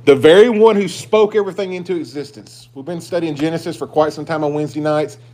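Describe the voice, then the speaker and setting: This pastor talks quickly in a slightly high voice as he preaches to the congregation. His delivery is emphatic, ranging from loud, pushing declarations to whispered, confiding comments.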